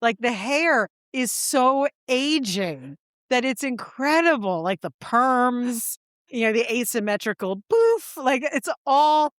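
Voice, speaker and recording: A woman co-hosting a podcast, chatting and telling stories with animated impressions. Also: on the high side, slow pace, no echo, studio quality. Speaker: podcast co-host. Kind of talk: casual chat.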